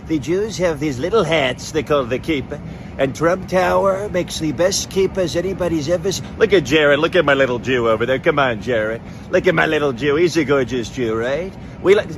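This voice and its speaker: A man's voice: fairly high pitch, noisy background, natural voice. A man doing a brash boasting politician. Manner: rambling, boastful, repetitive.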